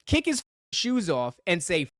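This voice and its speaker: A man co-hosting a podcast in a fairly high voice that swoops widely as he argues. He pushes his point with emphatic rhetorical questions, recorded dry and close with no room sound. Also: huge pitch swings, moderate pace, fairly bright tone, no echo. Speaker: podcast co-host. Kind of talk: casual podcast debate.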